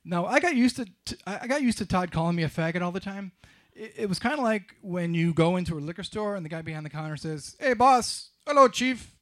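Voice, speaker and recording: A man's voice: high voice, fast. A man telling a personal story to a live audience in a wry, confessional way with dry humor.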